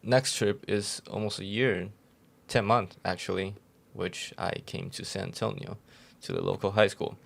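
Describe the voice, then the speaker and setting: A young man who is not a native English speaker, co-hosting a podcast and telling stories in a rambling, halting way. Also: low voice, gravelly. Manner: relaxed, rambling storyteller with halting restarts. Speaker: podcast co-host. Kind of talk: casual storytelling chat.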